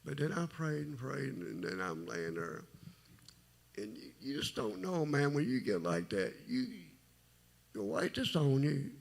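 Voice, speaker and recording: Gravelly deep-voiced man. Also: sing-song. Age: middle-aged. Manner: rambling, halting, folksy storytelling. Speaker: testimony speaker. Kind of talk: personal testimony at a church service.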